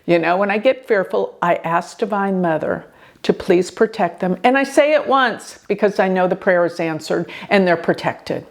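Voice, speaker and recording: An older woman hosting an astrology show, telling a personal story in an earnest, expressive way. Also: on the low side, moderate pace, vocal fry. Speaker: astrologer host.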